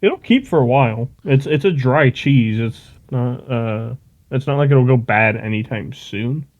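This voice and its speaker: Male co-host with dry, deadpan humor, on slightly muffled audio. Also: medium pitch, a little slow. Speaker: podcast co-host. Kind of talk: casual podcast chat. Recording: slightly dull podcast audio.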